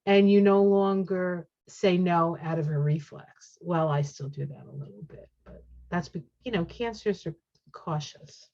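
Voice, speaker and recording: A woman giving a casual tarot reading, chatty and excitable, reacting aloud to each card as she turns it. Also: lowish voice, measured pace. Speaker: tarot reader. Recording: dull lo-fi sound.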